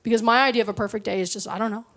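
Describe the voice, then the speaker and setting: A woman's voice: a little high, steady tone, rapid-fire, fairly bright tone. A woman performing a stand-up comedy set on a club stage, telling sarcastic stories with acted-out voices. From Canada. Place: comedy club stage before a live audience.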